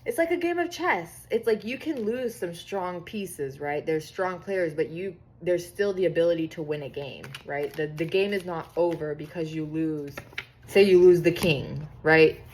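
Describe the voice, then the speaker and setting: A young woman giving a casual tarot reading to her viewers, chatty and excitable, swearing freely and reading card texts aloud. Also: on the low side, moderate pace, a little hiss or hum. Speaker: tarot reader.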